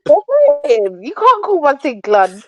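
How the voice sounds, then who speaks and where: A woman's voice: sits high, very animated, unhurried, a little mellow. A woman on a live online panel who laughs a lot and protests playfully at crude jokes. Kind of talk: casual panel banter.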